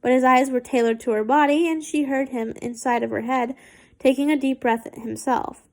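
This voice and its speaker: A woman's voice: sits high, fairly even intonation, moderate pace, darkish tone. A late-teen young woman reading fanfiction aloud in an amateur way, hesitant and giggly, with restarts and embarrassed asides. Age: late teens. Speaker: fanfiction reader.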